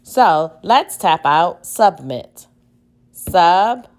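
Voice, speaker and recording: A woman teacher leads a spelling dictation at a very slow, deliberate pace. Her voice sits a little low, and she spells each word letter by letter, syllable by syllable. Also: lively intonation.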